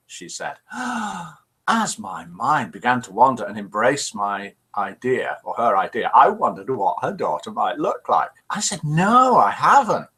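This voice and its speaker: Lively, cheeky British male host. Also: breathy edge. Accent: British English. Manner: cheeky, playful joke-telling with wide pitch swings. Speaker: host of a live online show. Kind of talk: chatty live-stream hosting, reading out viewer messages.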